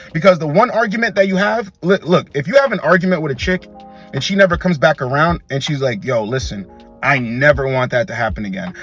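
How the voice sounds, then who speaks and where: A man's voice: fairly high pitch, a bit bright. A man giving dating advice in an emphatic, repetitive, slangy monologue.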